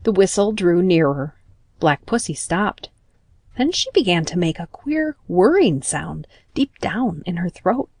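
A woman narrating a children's storybook in a gentle, expressive manner. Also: fairly low pitch, a little slow, no room sound.

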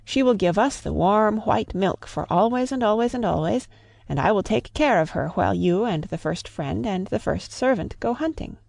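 Wise, proud cave woman for a storybook, read by a woman, firm and commanding, with a gravelly edge. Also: mid-range voice, animated, moderate pace, darkish tone, no room sound.

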